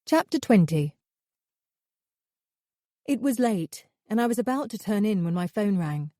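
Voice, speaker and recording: Mellow woman narrating an audiobook. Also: medium pitch, no echo, studio quality. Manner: measured, steady reading.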